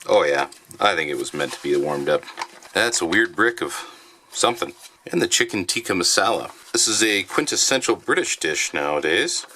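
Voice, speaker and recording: Man, low voice, bright tone, casual ration review vlog, chatty with fillers. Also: moderate pace, slight background noise. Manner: relaxed, chatty, with frequent fillers. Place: home basement.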